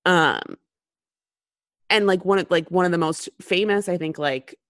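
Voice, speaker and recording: Woman in her thirties, low-pitched, dry close sound; chatty co-host, heavy on fillers. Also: unhurried, fairly bright tone, no room sound. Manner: chatty, many fillers and restarts. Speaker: podcast co-host. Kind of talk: casual chat.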